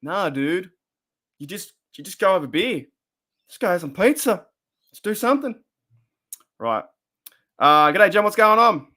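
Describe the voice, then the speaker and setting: Man, Australian accent, slightly high voice, casual livestream host, rambling, chatty. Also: big pitch swings, unhurried, pauses often, pushed and bright. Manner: chatty, rambling, reads out chat comments. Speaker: fan show host.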